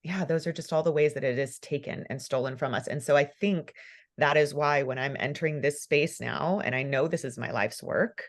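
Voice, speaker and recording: Woman podcast host, really low voice, passionate and laughy, casual chat. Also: moderate pace. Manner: emotional, fervent, laughs often. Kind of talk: casual conversational interview.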